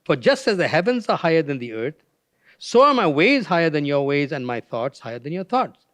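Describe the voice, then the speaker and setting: A man's voice: on the high side, very animated, a little fast, fairly bright tone, no echo. An older retired pastor preaching a guest sermon, telling a personal story in a conversational way and acting out the voices he quotes.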